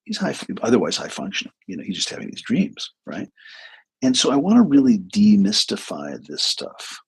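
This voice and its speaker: A man's voice: fairly low pitch, huge pitch swings, moderate pace, creaky, slightly rough, poor audio. A man speaking as a hypnotherapist, telling client stories in a casual livestream talk full of restarts and asides. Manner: conversational storytelling with restarts.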